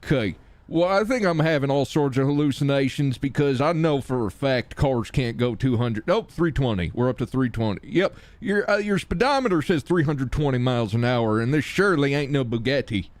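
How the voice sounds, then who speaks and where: A man's voice: mid-range voice, lively intonation, fairly quick, few pauses, dry recording. A man in character as a police chief in a role-play, talking in a rambling, bemused way.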